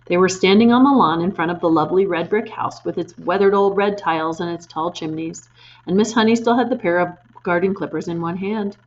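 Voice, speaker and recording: A woman reading a children's storybook aloud in an expressive way, pointing out the pictures as she goes. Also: fairly low pitch, a little fast, dull audio, slight background noise.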